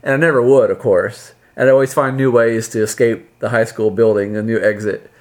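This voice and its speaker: A man's voice: medium pitch, steady tone, fairly quick, darkish tone. A man telling a humorous, self-deprecating story from his youth in a casual way. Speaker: storyteller on a podcast.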